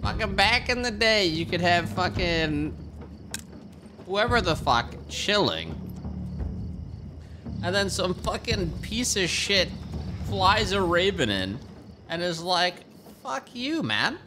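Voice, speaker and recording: A man's voice: high voice, takes it slowly, long pauses, noisy background. A man streaming a strategy game live, ranting and swearing freely as he plays. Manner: profane, ranting, animated. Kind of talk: live gameplay commentary. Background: game music.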